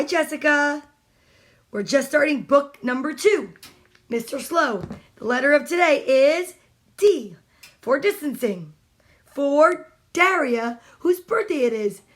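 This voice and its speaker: A woman reading children's storybooks live from home, playful and chatty, greeting her viewers by name between pages. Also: high voice. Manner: playful, exclaims over the pictures.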